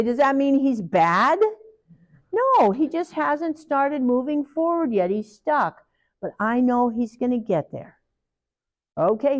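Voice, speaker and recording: Trainer, middle-aged woman, animated lecture to a room, acts out quotes. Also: fairly high pitch. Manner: animated, acts out parents and children in quoted voices. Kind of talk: training talk to a live group.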